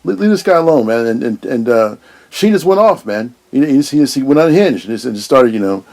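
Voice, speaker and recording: A man co-hosting a casual film discussion, talking fast with stammering restarts. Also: mid-range voice, animated, darkish tone. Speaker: podcast co-host.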